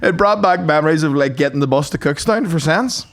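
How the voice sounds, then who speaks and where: A young man, telling a sweary, animated story on a casual podcast and acting out both sides. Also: fairly high pitch, fairly quick, slight background noise. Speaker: podcast co-host.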